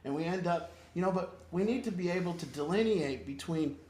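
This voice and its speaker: Earnest man counselor, somewhat high-pitched, emphatic and rambling in an informal group talk, recorded in a reverberant room. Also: brisk, a little mellow. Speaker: recovery program counselor.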